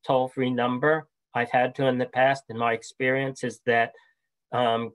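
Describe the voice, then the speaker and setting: A middle-aged man giving a webinar presentation in a measured, friendly way, with fillers and restarts. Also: mid-range voice, low-quality recording.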